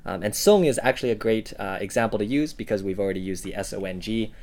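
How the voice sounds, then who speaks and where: A man co-hosting a casual lesson podcast, giving example words in a relaxed way with plenty of "uh" and "um". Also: lowish voice, quick pace. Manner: relaxed, with frequent "uh" and "um".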